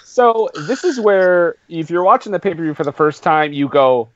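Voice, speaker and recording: A man hosting a casual podcast chat, excitable and laughing often. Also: a little high, normal speed, hardly any pauses, no echo, highs cut off. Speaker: podcast host.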